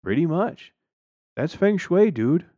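A man's voice: a little high, big pitch swings, slow, warm tone, no room sound, highs cut off, voice pushed up, full character voice. A man voicing an easygoing, unbothered stoner neighbor in a storybook reading. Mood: laid-back.

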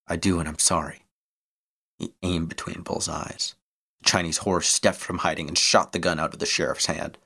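A man reading an adventure story aloud in a steady, measured way. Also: low-pitched, creaky, husky.

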